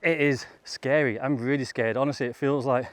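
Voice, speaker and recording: A man's voice: medium pitch, fairly even intonation, brisk, dry recording. A man vlogging outdoors on a bike trail, chatting casually and laughing often between remarks. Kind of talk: casual chat while riding.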